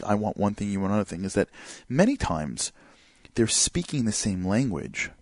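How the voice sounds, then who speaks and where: A man giving a motivational talk. He speaks in an animated way, fills his speech with "like" and "you know", and keeps asking rhetorical questions. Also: lowish voice, no echo, studio quality. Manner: animated, asks rhetorical questions and acts out examples; many fillers such as "like" and "you know".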